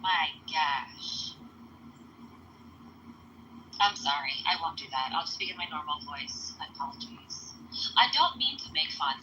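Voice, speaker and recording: A woman's voice: deep voice, big pitch swings, fairly quick. A woman with a Midwestern American accent chatting casually and effusively on a podcast call. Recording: muffled online call audio, faint hiss.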